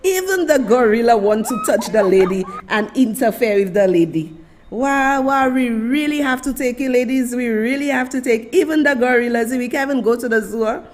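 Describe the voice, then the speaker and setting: Slight background noise accompanies a slightly high female voice at normal speed. She's a Saint Lucian livestream host with a Saint Lucian accent, delivering emphatic commentary aimed straight at her listeners and at officials.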